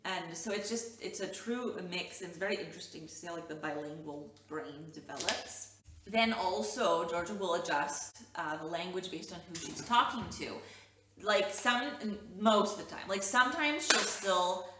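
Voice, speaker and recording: A young woman from Canada chats to the camera about home life in a loose, rambling way, dropping "like" into nearly every sentence. Her voice sits a bit low. The sound is roomy, with the mic set back from her and a faint hiss behind. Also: expressive, normal speed, distant mic. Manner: rambling, many "like" fillers, coos to her child. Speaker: mom vlogger. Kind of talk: casual chat to camera with her toddler. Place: home room.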